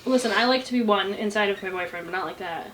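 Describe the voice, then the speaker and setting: A young woman hosting a casual chat, blunt and animated, swearing freely. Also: mid-range voice, fast, slight background noise. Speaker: channel host.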